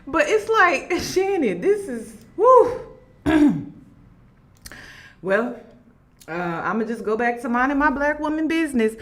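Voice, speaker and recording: A woman vlogger chatting straight to her audience in a casual commentary. Her fairly high voice rises and falls a lot. She laughs often between remarks. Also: slow pace, pauses often. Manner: animated, laughing, talks straight to viewers.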